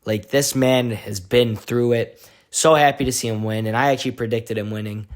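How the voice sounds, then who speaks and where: A male vlogger giving an excitable, slangy recap of a fight week, full of "like"s. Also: medium pitch, normal speed. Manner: excitable, slangy storytelling with many "like"s. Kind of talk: casual event recap vlog.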